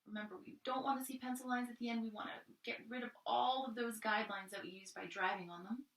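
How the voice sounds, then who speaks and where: A woman leads a gentle art lesson, praising small details and coaxing young students along as she works. Her voice is bright and clear. It is heard from a little way off the mic, in a roomy, echoing space. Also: a little high, fairly even intonation, fast, distant mic. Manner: gentle, encouraging, thinks aloud while drawing. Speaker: art teacher. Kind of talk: friendly step-by-step art lesson.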